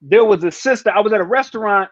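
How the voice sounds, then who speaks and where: A man's voice: high-pitched, fast, dry recording, dull audio. A man telling stories casually on a live talk stream, slangy and laid-back, acting out the people he quotes. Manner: laid-back slangy storytelling, acts out voices. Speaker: comedian guest. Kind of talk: casual storytelling chat.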